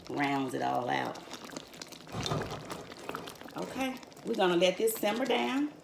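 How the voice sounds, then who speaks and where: An older woman with a low, gravelly voice hosts a home cooking demonstration, chatting in a folksy way and calling her viewers honey and y'all. She's in her home kitchen, where the recording echoes with clattering cookware and carries a slight hiss or hum.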